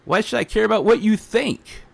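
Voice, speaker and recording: A man's voice: high voice, lively intonation, normal speed, gravelly, no echo. A man streaming a defiant, heated rant, repeating himself as he talks. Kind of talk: ranting livestream monologue.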